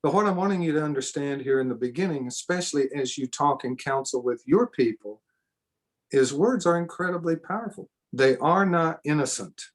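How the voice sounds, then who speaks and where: A man's voice: fairly high pitch, expressive, fairly quick. A middle-aged man teaching a church seminar in an earnest way, repeating himself for emphasis and adding spontaneous asides. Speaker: preacher.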